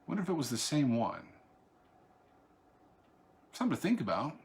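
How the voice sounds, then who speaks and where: A man's voice: mid-range voice, very animated, moderate pace, vocal fry. A man, a pastor, teaching a Bible study online in a conversational way, with asides and restarts, raising his voice when he reads scripture. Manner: reads scripture aloud in a raised, declaiming voice.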